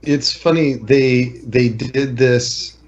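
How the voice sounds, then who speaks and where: Relaxed man telling an anecdote, lo-fi. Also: medium pitch, slow pace. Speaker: podcast co-host. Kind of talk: casual storytelling chat.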